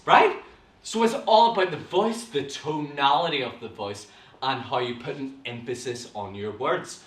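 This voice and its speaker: A young man with a Northern Irish accent, teaching an online acting class to viewers in an animated, theatrical way full of gasps and sudden bursts. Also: medium pitch, measured pace, reverberant, recorded from a distance. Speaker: drama teacher.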